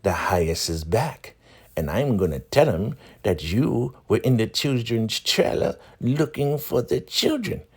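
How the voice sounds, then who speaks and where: A man's voice: mid-range voice, animated, measured pace, slightly rough, voice pushed up. A man voicing a scheming older woman cult elder, calling out shrilly and bossing someone around. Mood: bossy.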